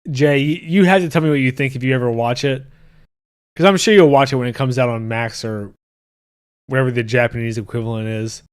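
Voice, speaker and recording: A man's voice: medium pitch, fairly quick, smooth. A man hosting a casual podcast, ranting and joking crudely while reading his live chat. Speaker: podcast host.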